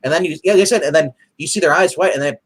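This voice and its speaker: A man co-hosting a casual comic review chat, excitable and rambling, often restarting his sentences. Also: fairly high pitch, rapid-fire, slightly rough.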